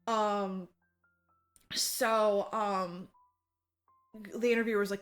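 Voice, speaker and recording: A woman's voice: mid-range voice, slow pace, long pauses, faint music behind. A woman co-hosting a podcast, casually retelling a story with lots of fillers and acted-out quotes. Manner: animated retelling, frequent fillers, acts out quotes. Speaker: podcast co-host. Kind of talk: casual chat.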